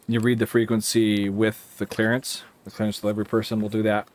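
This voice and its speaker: A man who works as an air traffic controller, rambling casually while playing a simulator and breaking off to give crisp radio calls. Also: lowish voice. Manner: rambling, self-interrupting, gives radio calls mid-chat. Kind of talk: casual gameplay commentary.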